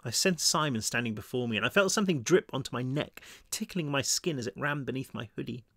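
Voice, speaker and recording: A man reading his own novel aloud in first person, steady and measured. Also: medium pitch, vocal fry, dry recording, studio quality. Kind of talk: first-person audiobook narration.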